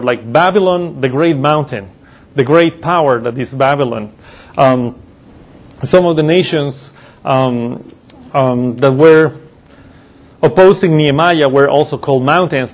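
A man preaching a sermon, explaining scripture in a loose teaching way with pauses and self-corrections. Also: on the high side. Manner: uses slides while teaching.

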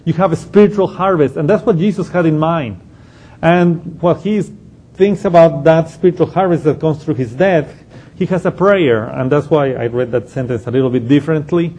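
A man's voice: fairly high pitch, normal speed, mellow, husky. A man giving an unscripted Bible study lesson, explaining a passage step by step and thinking aloud as he goes. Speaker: Bible teacher.

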